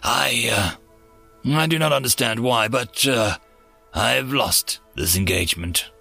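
A man voicing a defeated male alien leader who speaks haltingly. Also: medium pitch, gravelly, sharp tone, soft background music, full character voice. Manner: halting, hesitant speech.

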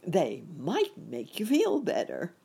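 Uncle Wiggily, a kindly old rabbit gentleman, read by a woman. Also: sits low, big pitch swings, measured pace, gravelly, husky, full character voice. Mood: cheerful. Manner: cheerful, gentle.

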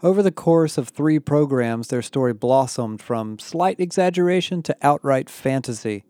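A man reading an audiobook aloud with a wry, deadpan delivery, voicing the characters as he goes. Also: mid-range voice, moderate pace, no room sound. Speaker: audiobook narrator. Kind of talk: scripted narration with character voices.

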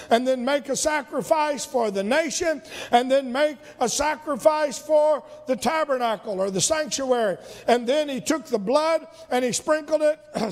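A man's voice: very high-pitched, big-room sound. A male minister preaching a sermon, emphatic, repeating words and asking the congregation rhetorical questions.

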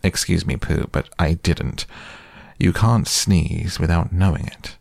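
A man's voice: sits low, slow pace, creaky, a little mellow, no echo, clean studio sound, heavily acted. A man voicing a pompous, wordy old male owl in a storybook reading. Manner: long-winded, pompous.

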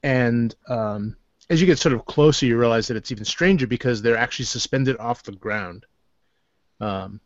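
Low-voiced halting game master. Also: male voice, no room sound. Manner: halting, many fillers and restarts. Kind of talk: narrating a tabletop game. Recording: dull, lo-fi and dry.

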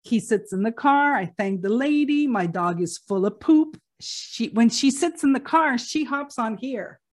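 Middle-aged woman telling a story, kinda high voice, chatty, laughs a lot, lots of "like". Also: animated, measured pace. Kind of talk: casual personal storytelling.

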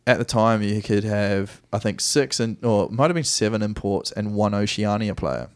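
Low-voiced New Zealand man telling stories. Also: normal speed, no room sound. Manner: rambling, self-correcting anecdotes with easy laughs. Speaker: guest soccer player. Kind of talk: casual podcast storytelling.

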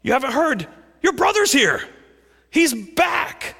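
A male preacher voicing an excited male household servant who eagerly delivers news in a high, breathless way. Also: takes it slowly, creaky, heavily acted. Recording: echoey hall reverb.

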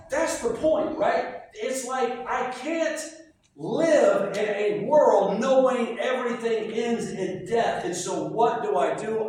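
A man preaching a sermon as pastor, animated and telling stories with voiced asides. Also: high voice, a little hiss or hum. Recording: echoey hall from far off.

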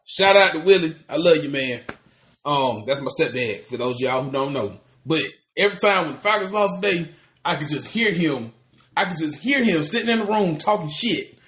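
A man's voice: a little high, expressive, moderate pace, a bit bright, roomy sound. A man, co-hosting a podcast in casual chat, ranting animatedly and cursing with lots of restarts. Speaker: podcast co-host.

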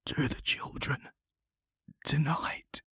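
A man's voice: slow, sharp tone, no room sound, studio quality. A man reading a storybook voices a badly injured man who gasps out his words in a faint, breathless whisper. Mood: fading. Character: injured man near death, whispering urgently.

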